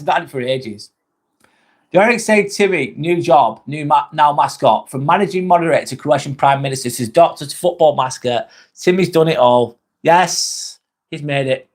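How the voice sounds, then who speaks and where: Young English male streamer, casual chat host, relaxed and swearing, voice a touch high. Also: normal speed. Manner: chatty, swears casually, laughs often. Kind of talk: casual live chat reading comments.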